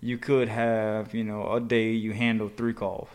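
Blunt, emphatic deputy. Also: male voice, lowish voice, little pitch movement, unhurried, a little mellow. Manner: blunt and emphatic, swears, says "man" and "boy". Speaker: sheriff's deputy, guest. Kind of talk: casual conversational interview.

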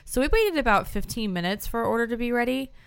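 Curious lady asking questions, smooth clear voice, dry mic. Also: a little high, lively intonation, quick pace, no echo. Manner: curious, asks questions, laughs easily. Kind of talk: casual chat.

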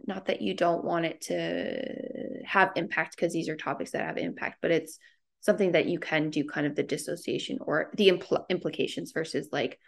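Gravelly woman in casual chat. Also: low-pitched, fairly even intonation, moderate pace. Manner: responsive listener, frequent short affirmations.

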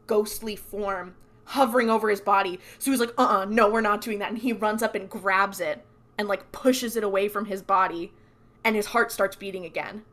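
She's a podcast co-host walking through a TV episode in relaxed conversation, voicing the characters' lines as she goes. The storytelling is lively, delivered at medium pitch and an even, moderate pace.

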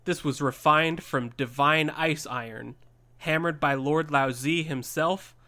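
A man's voice: fairly high pitch, steady tone, a little slow, pushed and bright. A man voicing an indignant pig monster who boasts about his weapon while reading a story aloud. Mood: blustering.

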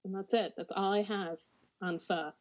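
Brief: American woman podcast co-host, laughing and chatty, medium pitch. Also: fairly even intonation, moderate pace, poor audio. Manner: chatty, laughs often, frequent "like". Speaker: podcast co-host presenting a topic. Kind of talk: casual podcast chat.

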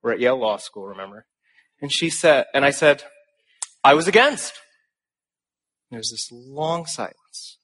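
A man's voice: medium pitch, expressive, normal speed, a bit bright. A young man giving a speech to an audience, telling stories with earnest emphasis and flashes of humor. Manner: emphatic rhetorical phrasing. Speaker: speaker.

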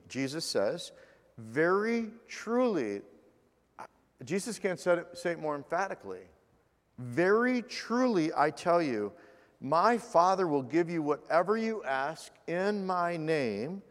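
A man preaching a sermon as pastor, earnest, slowing down for scripture and dropping to a hush in prayer. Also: fairly high pitch, lively intonation, long reverb tail.

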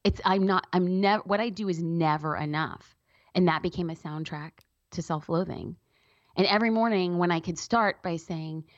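A woman speaks earnestly and reflectively as an interview guest, her voice sitting on the low side. The sound is dry, with little room around it, and slightly dull and muffled. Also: moderate pace, dry recording. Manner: earnest, reflective, lots of "like" fillers. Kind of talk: candid personal interview talk.

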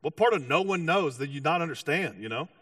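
A man preaching a sermon with animated storytelling, acting out voices and often restarting his sentences. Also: a little high, fairly quick, no room sound, distant mic. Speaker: pastor.

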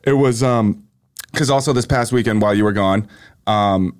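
A man's voice: fairly low pitch, moderate pace, clean tone. A man co-hosting a podcast, going off on a casual rant. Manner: ranting, casual. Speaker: podcast co-host. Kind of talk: casual chat.

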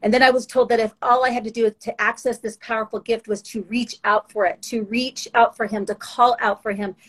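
Brief: earnest woman guest, a touch high-pitched, emotional testimony with halting restarts. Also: flat delivery, fairly bright tone, rough recording. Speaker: guest sharing faith testimony. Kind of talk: heartfelt spoken testimony.

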